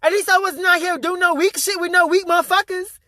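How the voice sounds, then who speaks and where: Speaking briskly in a very high, sharp voice with fairly even intonation, a man gives an intense spiritual motivational vlog monologue. He swears freely and keeps repeating his key phrases for emphasis, with no room sound on the recording.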